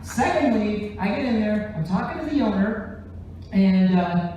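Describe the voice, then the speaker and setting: A man doing animated stand-up storytelling on a live theater stage, jumping into voices as he tells it. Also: high voice, a little slow, highs cut off, a little hiss or hum. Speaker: stand-up comedian and musician. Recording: very echoey theater, distant mic.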